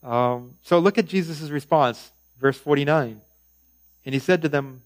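A man's voice: on the high side, expressive, a little fast, low-quality recording. A male preacher teaching a conversational sermon, with frequent fillers and informal asides.

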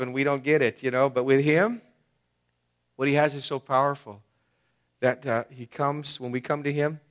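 Guy preaching a sermon at church, casual talky style, gets loud then goes real quiet. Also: medium pitch. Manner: conversational preaching with fillers, swinging from loud emphasis to hushed tones. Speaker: pastor. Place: church sanctuary.

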